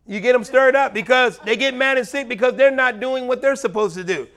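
A middle-aged man preaching a sermon as pastor, animated, swinging between loud highs and quiet low murmurs. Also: a little fast.

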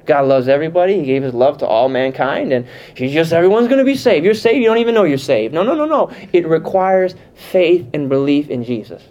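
Animated man teaching a Bible class. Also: on the high side, brisk, hardly any pauses. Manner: animated, conversational, asks the room questions. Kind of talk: teaching sermon. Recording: muffled lo-fi sound.

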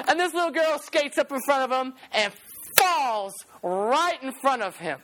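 A preacher with a high voice tells a story in a sermon. The delivery is animated, and key phrases are repeated for emphasis. Lines of song slip into the telling. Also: a little slow, slight background noise.

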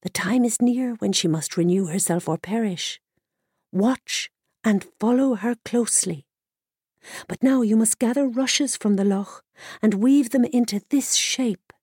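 Woman reading wise druid in bird form, calm, steady instructions, dry close sound. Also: on the high side, a little slow, breathy edge, no echo. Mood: instructive.

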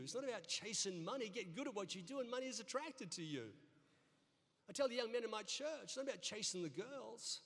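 A man's voice: high-pitched, animated, a little fast, fairly bright tone. A middle-aged male pastor preaching a sermon in a church, telling folksy stories with humor and often repeating his words. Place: church sanctuary. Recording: long reverb of a church hall.

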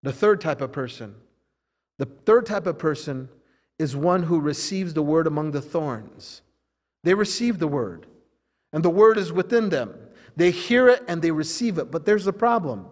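High-voiced preaching pastor in a reverberant hall. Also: male voice, expressive, normal speed. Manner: emphatic preaching with repetition, rising and falling intensity. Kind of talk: sermon. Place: church service.

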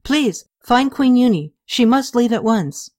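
A woman's voice: a little high, lively intonation, measured pace, a little mellow, voice pushed up. A woman voicing a male temple sentry, a flustered soldier.

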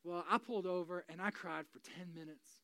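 A pastor in their forties giving a sermon, moving between loud, urgent preaching and quiet, confiding talk. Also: mid-range voice, a little fast, gravelly. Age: 40s. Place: church.

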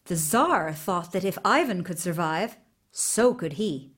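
Female storyteller, unhurried read-aloud, animated melody. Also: fairly low pitch, breathy edge. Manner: slow, expressive narration.

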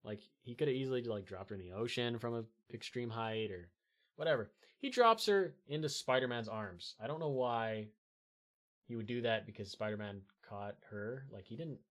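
Male host, mid-pitch, casual rambling rant, swears freely, restarts often. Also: normal speed. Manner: rambling, profane, animated with frequent fillers. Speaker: podcast host reviewing a movie.

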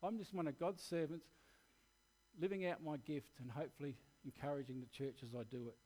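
A man's voice: a little high, steady tone, fairly quick, dark tone. An Australian man preaching a sermon, telling a candid personal story in an earnest, plain-spoken way.

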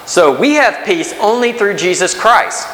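A man's voice: high voice, expressive, unhurried, fairly bright tone. A man in his thirties preaching a sermon as pastor, conversational, with rhetorical questions and restarts. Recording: echoey hall with faint hiss.

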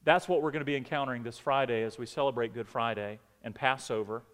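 A man preaching a sermon as pastor, swinging between emphatic outbursts and quiet, dropped phrases. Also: mid-range voice, fast talker, in a large hall. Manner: preaching with rising emphatic outbursts and dramatic drops. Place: church sanctuary.

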